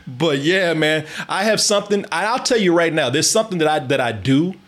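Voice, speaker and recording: A man's voice: on the high side, expressive, fairly quick, fairly bright tone. A man telling a story in casual chat, swearing often, laughing a lot and restarting his sentences.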